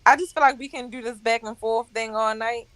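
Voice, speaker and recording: A woman with a Baltimore accent talks casually as a guest on a live stream. Her voice sits a little high, and she sounds teasing and relaxed. She pokes fun at the others in a laid-back, easygoing way. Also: a little fast, over a noisy crowd. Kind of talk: casual group chat.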